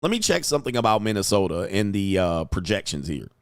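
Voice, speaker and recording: Young guy streaming, thinking out loud all hyped, dry close mic. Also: deep voice, fast, dry recording. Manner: thinks aloud, excitable, laughs often. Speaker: livestream host. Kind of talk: casual live commentary.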